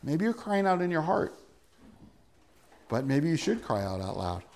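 Male pastor, sermon, earnest, emphatic peaks, slightly higher voice. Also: big pitch swings, moderate pace, a little mellow.

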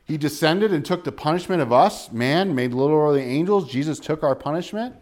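A man preaching a sermon, asking rhetorical questions and quoting scripture, with loud emphatic bursts and quiet low asides. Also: animated, a little fast. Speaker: pastor.

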